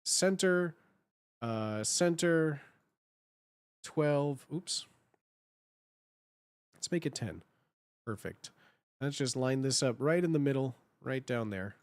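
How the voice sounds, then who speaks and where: A man's voice: medium pitch, lively intonation, takes it slowly, pauses often, no echo. A man chatting casually on a live stream while he edits slides, thinking aloud and repeating his phrases.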